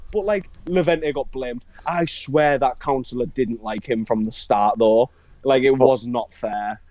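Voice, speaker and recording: A man's voice: mid-range voice, a little slow, darkish tone, dry recording, rough recording. A young man, co-hosting a podcast and telling a funny story in casual chat, laughing often. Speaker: podcast co-host.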